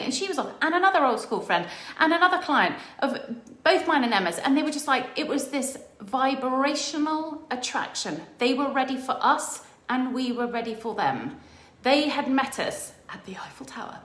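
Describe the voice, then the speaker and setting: Animated, enthusiastic middle-aged woman coach. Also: high voice, moderate pace, few pauses, roomy sound. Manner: enthusiastic, animated storytelling with excited quoted voices. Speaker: business coach. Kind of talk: motivational monologue.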